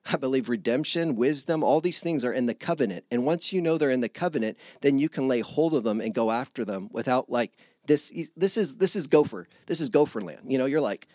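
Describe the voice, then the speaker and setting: A man preaching a casual, animated sermon to his congregation, acting out little dialogues with God. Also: medium pitch, fairly quick, hardly any pauses, no room sound, studio quality. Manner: animated, acts out God and listeners in voices.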